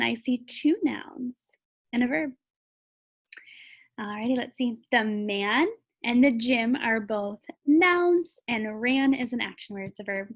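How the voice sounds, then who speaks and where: A woman's voice: fairly high pitch, fairly bright tone. A young adult woman teaching a classroom phonics lesson in a patient, sing-song teacher voice.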